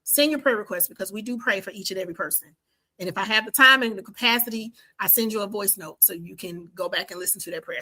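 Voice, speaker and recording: A woman's voice: mid-range voice, quick pace, bright, forceful tone, poor audio. A woman in her fifties hosting a faith-based podcast, talking enthusiastically and praying like a preacher. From Washington, D.C. and the Carolinas. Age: 50s. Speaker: podcast host. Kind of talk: podcast outro with prayer.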